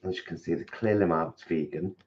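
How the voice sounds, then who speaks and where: A man's voice: deep voice, fairly even intonation, brisk, a little mellow, muffled recording, slight background noise. A man co-hosting a casual live food chat from his home kitchen, rambling and restarting his sentences. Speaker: co-host of a vegan food channel.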